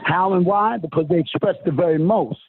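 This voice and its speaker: A man's voice: sits high, fairly quick. A man preaching a lecture to listeners on a phone call, emphatic and swooping, addressing them as honey and sister. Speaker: self-styled spiritual teacher. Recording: tinny phone line with faint hiss.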